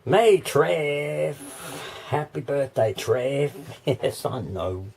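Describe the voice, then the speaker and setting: A man with an Australian accent, hoarse and losing his voice, chatting in a rambling vlog with many ums and little laughs. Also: medium pitch, lively intonation, very slow, a little mellow. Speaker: vlogger. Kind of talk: casual vlog chat. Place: walking outdoors. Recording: outdoor background noise.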